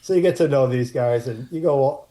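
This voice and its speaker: A mellow, medium-pitched man speaking at a moderate pace, a podcast guest and former child actor from Martha's Vineyard, USA. In a casual storytelling interview, he tells rambling anecdotes and acts out the voices of the people in them.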